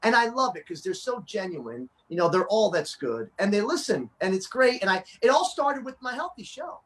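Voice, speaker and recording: A man chatting as a guest, an excitable storyteller who restarts his sentences a lot. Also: sits high, normal speed. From New Jersey. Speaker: guest, children's fitness performer. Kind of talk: casual interview chat.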